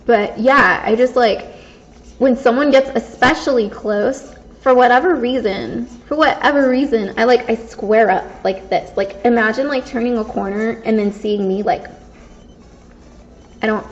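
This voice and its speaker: A woman's voice: a little high, moderate pace. Chatty young woman, rambling, lo-fi. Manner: rambling, self-conscious, lots of fillers and restarts. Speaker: vlogger. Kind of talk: casual storytelling vlog. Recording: dull lo-fi recording.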